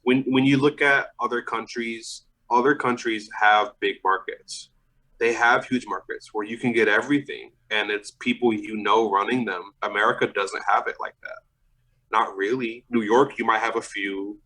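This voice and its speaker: A man's voice: on the low side, steady tone, normal speed, sharp tone, rough recording. A young man in a casual podcast interview, talking loosely about selling vintage clothes, swearing and laughing often. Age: young adult.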